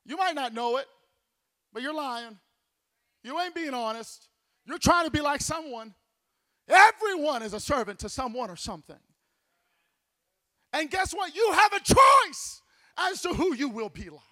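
Pastor guy preaching hard, really high voice, gets loud and shouty, stumbles over repeated words. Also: big pitch swings, measured pace, long pauses. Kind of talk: sermon.

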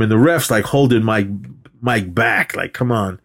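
Animated man recapping a movie. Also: lowish voice, normal speed. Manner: animated retelling, acts out lines, laughs often. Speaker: podcast co-host.

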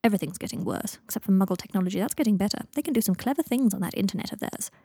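Woman voicing a blunt, sharp-tongued young witch. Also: mid-range voice, expressive, gravelly, husky, no echo, studio quality. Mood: brisk. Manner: brisk, scolding.

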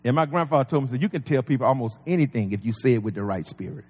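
A man's voice: medium pitch, racing, darkish tone, husky. A man preaching a sermon as pastor, folksy and conversational with humor. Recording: long reverb of a large hall.

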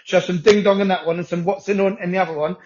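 Fast-talking man, high and swearing. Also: steady tone, darkish tone, slight background noise. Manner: swears freely, quick rambling talk. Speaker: podcast co-host. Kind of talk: casual chat. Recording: dull lo-fi audio.

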